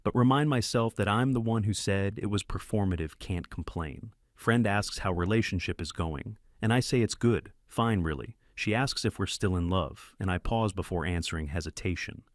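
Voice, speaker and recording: Low-voiced man reading clipped story narration. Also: normal speed, few pauses, no room sound, studio quality. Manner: terse, clipped sentence fragments. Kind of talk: scripted narration of a first-person story.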